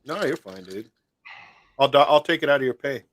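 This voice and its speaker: Host, male, easygoing call chat, dry close sound, quick jokes and frequent laughter. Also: medium pitch, lively intonation, fairly bright tone, no echo. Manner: joking, laughs often. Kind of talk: casual video call chat. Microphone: video call.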